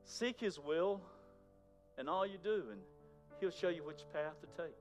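A man preaching a sermon in a conversational way, moving between loud emphasis and near-whispers. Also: a little high, unhurried, faint music behind. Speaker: pastor.

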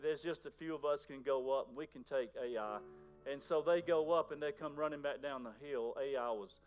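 A man preaching a sermon in a conversational way, moving between loud emphasis and near-whispers. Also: a little high, moderate pace, dull audio, faint music behind. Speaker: pastor.

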